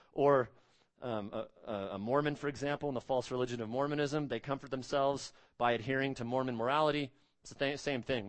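Male pastor, sermon delivery, emphatic with big rises and quiet drops; mid pitch, dry recording. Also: dry recording. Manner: emphatic, rising to stress key words and dropping low on solemn points.

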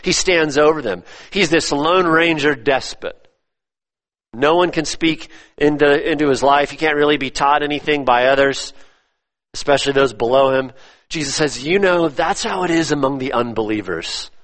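A man preaching a sermon, emphatic, repeating his phrases and swinging between loud stresses and hushed drops. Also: a little high, normal speed. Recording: long reverb of a church hall.

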